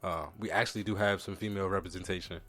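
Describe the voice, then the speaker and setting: Teasing, lower-voiced podcast co-host man. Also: steady tone, fast talker, a bit bright. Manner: teasing, plugs the show, slangy. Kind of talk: casual podcast chat.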